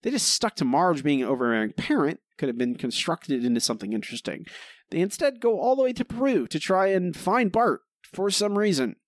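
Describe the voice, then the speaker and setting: A man's voice: on the high side, very animated, a little fast, no echo, clean studio sound. A man co-hosting a podcast, chatting casually and giving sardonic verdicts on an episode. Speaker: podcast co-host. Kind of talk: casual chat.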